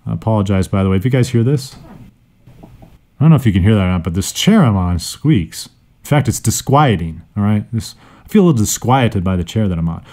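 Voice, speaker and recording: Playful man hosting a vocab podcast. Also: fairly quick. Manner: playful, animated teacher, jokes and sudden pitch jumps. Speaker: podcast host. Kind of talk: casual educational podcast monologue. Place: indoors, seated on a squeaky chair. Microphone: studio microphone.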